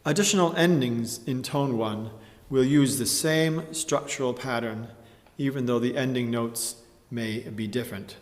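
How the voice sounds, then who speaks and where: A man teaching a chant tutorial, explaining slowly and carefully and often clearing his throat. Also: medium pitch, big-room sound. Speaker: music teacher.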